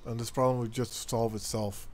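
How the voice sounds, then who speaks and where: A man's voice: medium pitch, flat delivery, normal speed. A man playing a tabletop role-playing game, suspicious and swearing freely. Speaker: player.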